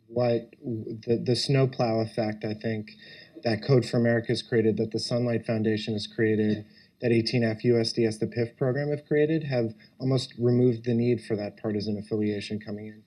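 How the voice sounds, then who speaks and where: A man's voice: medium pitch, steady tone, moderate pace, dark tone, rough recording. A man speaking on a policy panel, earnest, building his points in lists. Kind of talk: panel discussion.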